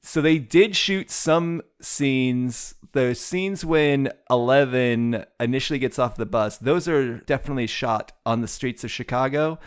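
A man's voice: mid-range voice, a little slow, hardly any pauses, clean tone. A man co-hosting a podcast in casual chat, rambling and joking at himself. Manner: rambling, self-mocking, many restarts. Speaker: podcast co-host.

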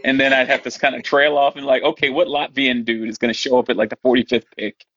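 Male guest, high school football coach, mid pitch, wry anecdotes, muffled lo-fi line. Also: little pitch movement, fast, a bit bright. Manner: wry anecdotes, acts out voices of players. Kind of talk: casual storytelling chat.

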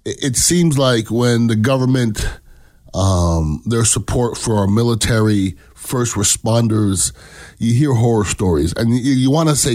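A man's voice: medium pitch, measured pace, a little mellow. A man talks through a casual political commentary with blunt, emphatic delivery. He swears freely and keeps checking in with his listeners.

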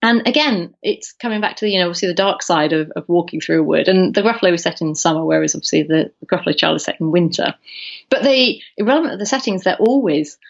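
A woman's voice: fairly low pitch, fast talker, creaky, lo-fi sound. A woman co-hosting a podcast, chatting casually and telling stories with lots of ums and restarts. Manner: animated storyteller, many ums and restarts. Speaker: podcast co-host. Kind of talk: casual chat.

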